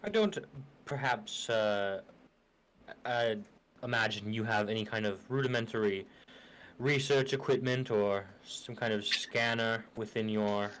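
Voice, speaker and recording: A man's voice: lowish voice, measured pace, fairly bright tone, slight background noise, low-quality recording. A man playing a polite robed avatar. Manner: polite, hesitant, formal phrasing. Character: polite robed male avatar of a powerful being.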